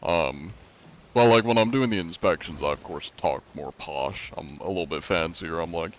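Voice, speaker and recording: A man's voice: low voice, normal speed. An American man streaming a game and chatting casually with his viewers in a laid-back, rambling way, full of fillers. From USA. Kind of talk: casual chat with viewers while gaming.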